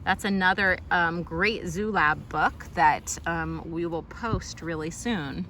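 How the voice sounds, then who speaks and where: A woman's voice: lowish voice, slow pace, pushed and bright, slight background noise. A woman teacher reading a picture book aloud to a young child, patiently explaining names of plants and birds and asking questions along the way. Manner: patient, answers a child's interruptions.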